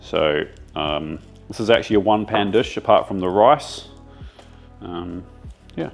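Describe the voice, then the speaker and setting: A man's voice: low voice, unhurried, gravelly, soft background music. A man casually explaining a home-cooked dish to the camera while he chats with his partner in their kitchen. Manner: relaxed, explains as he cooks. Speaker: home cook and co-host. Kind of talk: casual cooking chat.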